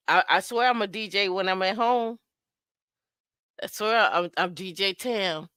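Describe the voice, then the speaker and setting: A woman with a lowish voice hosts a casual live stream, greeting viewers one by one. Her tone is playful, and she slips into bits of singing and sound effects. The recording is dry and close, her voice smooth and clear. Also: moderate pace, fairly bright tone, no echo. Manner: playful, sings and imitates dancehall sounds. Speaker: host. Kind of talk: casual livestream chat.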